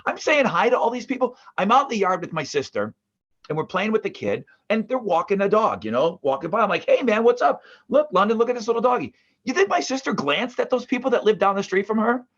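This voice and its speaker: A man from the northeastern United States tells stories about his family on a casual podcast. His voice sits a little high and swings widely as he gets worked up. The sound is husky and swears come often, and the recording is muffled and lo-fi. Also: fast. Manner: animated storyteller, swears, acts out family members' voices. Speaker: podcast co-host. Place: his mother's basement.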